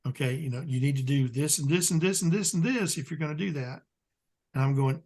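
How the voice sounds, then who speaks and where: A Southern US man talking as an interview guest, his voice sitting a bit high for a man. He rambles along in a plain-spoken way and keeps filling gaps with "um.". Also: a little fast, darkish tone. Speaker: guest expert. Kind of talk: casual interview chat.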